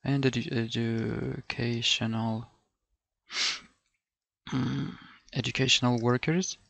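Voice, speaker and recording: A middle-aged Ukrainian man takes it slowly in a creaky, slightly bright voice of medium pitch, keeping his tone level. He tutors for a language test through a screen, reasoning aloud while repeating words and correcting himself amid many fillers, with no room sound present.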